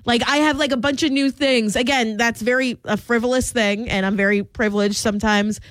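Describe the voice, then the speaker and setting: A chatty young woman co-hosting morning radio, her voice pitched a little high. She giggles and fills her talk with "like". The studio mic sounds dry and close. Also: steady tone, fairly quick, a bit bright, no echo. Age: 20s. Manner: giggly, chatty, lots of fillers. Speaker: radio morning show co-host. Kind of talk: casual radio banter.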